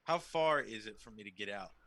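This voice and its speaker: A man's voice: fairly low pitch, lively intonation, brisk, fairly bright tone, no echo. A man playing in a tabletop role-playing game, joking and chatting casually with the group. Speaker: player. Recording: noisy home mic with clicks.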